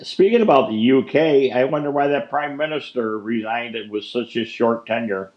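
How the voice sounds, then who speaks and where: A man's voice: mid-range voice, normal speed, lo-fi sound. A man co-hosting a casual podcast, mostly adding short, dry remarks. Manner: brief dry interjections. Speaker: podcast co-host.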